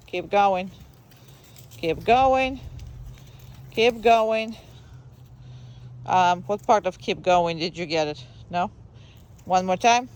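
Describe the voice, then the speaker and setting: A dog trainer giving a live training lesson outdoors, mixing short commands with calm explanations and sing-song praise. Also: mid-range voice. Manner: brisk short commands mixed with coaching explanations.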